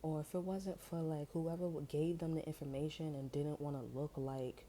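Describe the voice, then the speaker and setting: A woman with a low, mellow voice talks through a tarot reading in loose, slangy street talk. She tells the story as she goes and keeps jumping into the voices of the people in it. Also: normal speed, slight background noise. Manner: slangy, animated storytelling, acting out quoted voices. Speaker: tarot reader.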